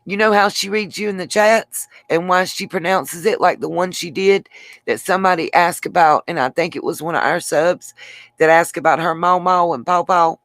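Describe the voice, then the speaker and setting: A woman's voice: fairly low pitch, normal speed, a bit bright, no room sound. A woman hosting her own channel, talking casually on a livestream, rambling and answering viewers by name. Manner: rambling, addresses viewers by name, frequent restarts. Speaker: channel host.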